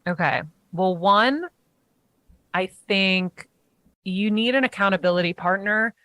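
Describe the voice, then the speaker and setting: A woman guest in a casual interview chat, talking eagerly in animated bursts with quick restarts. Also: mid-range voice, dry recording, studio quality.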